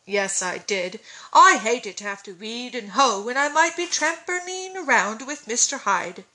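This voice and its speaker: A woman voicing an eager, shy boy with rough country speech, in a storybook reading. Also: on the high side, animated, a little slow, pushed and bright, poor audio. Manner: rustic dropped words, eager.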